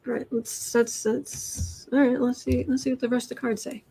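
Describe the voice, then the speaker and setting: A woman hosting a live tarot reading, musing aloud over the cards and answering chat in halting, drawn-out phrases. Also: fairly high pitch, little pitch movement, creaky, dark tone, a little hiss or hum. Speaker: tarot reader and channel host.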